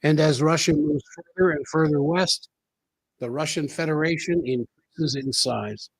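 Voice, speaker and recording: A man's voice: a little high, unhurried, gravelly, slightly rough, dry recording, low-quality recording. A man hosting a solo commentary show, talking in an emphatic way and repeating key phrases for effect. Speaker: political commentary host.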